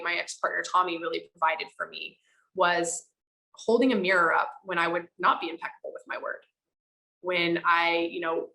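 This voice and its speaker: An animated woman speaking as a podcast guest with a slightly low voice. She talks candidly and frankly, swearing now and then, and acts out the conversations she describes. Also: poor audio. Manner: animated, acts out quoted dialogue, frequent "like".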